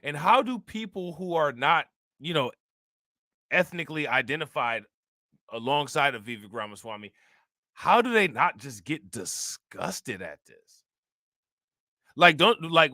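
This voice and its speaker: A man's voice: a little high, pushed and bright, no echo, studio quality. A man giving casual, slangy reaction commentary on news clips, mocking and talking straight to his viewers.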